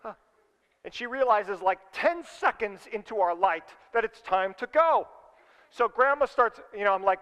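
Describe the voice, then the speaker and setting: Animated high-voiced pastor in a hall. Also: male voice, brisk, smooth, muffled recording. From California. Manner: animated storyteller, acts out his own voice. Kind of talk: sermon with storytelling. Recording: long hall reverb.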